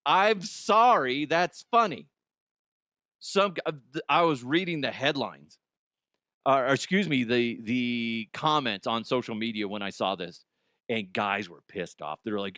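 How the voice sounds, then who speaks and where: A man's voice: mid-range voice, unhurried, pushed and bright, dry recording, clean studio sound. A middle-aged man hosting a comedy news podcast, riffing crudely, laughing at his own jokes and slipping into silly voices. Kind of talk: casual comedic monologue.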